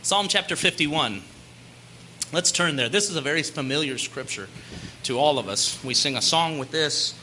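A young man preaching a sermon, fervent and at times shouting, then easing into joking asides. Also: fairly high pitch, animated, moderate pace, slight background noise.

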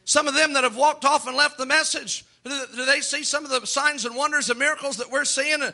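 A man preaching in a church with a very high, very bright voice. He delivers his sermon with rising fervor and acts out the people he quotes. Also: fairly even intonation, brisk, creaky. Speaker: pastor.

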